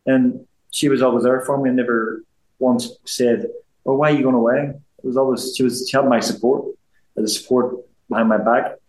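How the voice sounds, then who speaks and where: A man's voice: medium pitch, a little mellow. Belfast man rambling in a roomy space. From Belfast, Northern Ireland. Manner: rambling, repeats himself, frequent restarts. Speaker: interview guest, former boxer. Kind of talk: casual interview chat.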